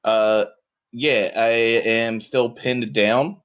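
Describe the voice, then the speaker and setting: A man's voice: mid-range voice, fairly even intonation, very slow, fairly bright tone, clean tone, highs cut off. A man running a tabletop game as game master, laid-back and joking with his players. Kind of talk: casual tabletop game play.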